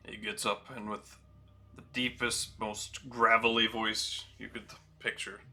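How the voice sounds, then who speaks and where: A man narrates a fantasy tabletop game as its game master. His voice is strikingly bright and forceful, and he describes halls and characters in a relaxed, descriptive way, with fillers now and then. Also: fairly low pitch, unhurried, faint music behind.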